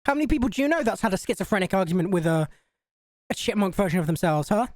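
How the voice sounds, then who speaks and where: A Scouse woman streamer chats and swears her way through a game, with a lively, bouncing delivery. The sound is dry and close. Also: medium pitch, fast, no echo. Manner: chatty, sweary, laughing at herself. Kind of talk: live game stream chat.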